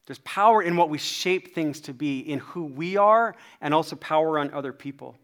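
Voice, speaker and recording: A man preaching a sermon, telling a personal story in an animated, self-deprecating way. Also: fairly high pitch, moderate pace. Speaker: pastor.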